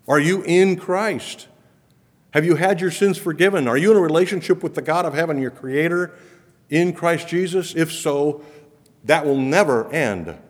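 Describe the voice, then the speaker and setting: A man delivers a sermon in a middle-pitched, earnest voice that swells with emphasis on key phrases. His words ring out with a long reverb tail, as in a large church hall. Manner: earnest, emphatic, rising for repeated promises. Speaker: preacher.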